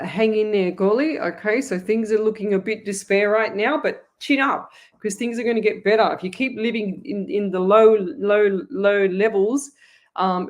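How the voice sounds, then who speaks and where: A woman's voice: medium pitch, darkish tone. A woman with an Australian accent hosting a live online psychic reading show, chatty and rambling, talking straight to her viewers. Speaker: psychic medium host.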